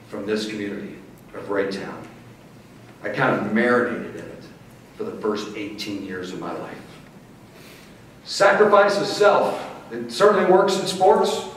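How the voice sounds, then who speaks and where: A middle-aged man from Missouri, giving a folksy acceptance speech as a motivational speaker. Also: mid-range voice. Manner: folksy, warm storytelling with playful crowd asides. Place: large banquet hall. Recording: echoey hall, distant mic, faint hiss.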